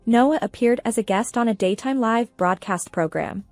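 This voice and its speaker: A woman narrating a first-person revenge story in a steady, even manner. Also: on the high side, normal speed, hardly any pauses, dry recording, soft background music.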